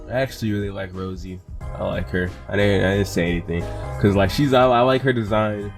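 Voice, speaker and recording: A man's voice: lowish voice, fairly quick, faint music behind. Exasperated young man ranting casually. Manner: exasperated, ranting, repeats words and swears. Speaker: commentator. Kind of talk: casual reaction rant.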